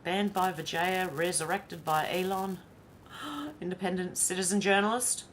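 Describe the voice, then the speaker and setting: A woman's voice: lowish voice, unhurried, a little hiss or hum. An Australian woman vlogger reading social media posts aloud and commenting on them in a chatty, wry way. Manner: chatty and wry, with sighs and asides.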